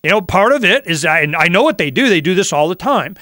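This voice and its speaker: A man from Florida hosting a talk radio show, telling stories in a rambling, animated way. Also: high-pitched, fast, no room sound, studio quality.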